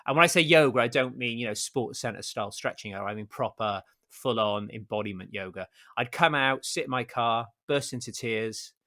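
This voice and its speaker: An enthusiastic man hosts a podcast conversation, stressing his points and sprinkling in casual fillers. His voice sits at a middle pitch but has a bright, pushing edge to it. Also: fairly quick, hardly any pauses. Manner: enthusiastic and emphatic, with lots of fillers like "you know". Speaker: podcast host.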